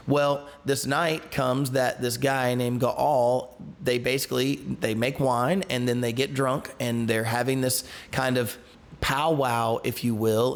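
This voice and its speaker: Gravelly-voiced pastor teaching a Bible study. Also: male voice, medium pitch. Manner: reads scripture, then retells it in casual everyday words; loose, conversational, with restarts and asides.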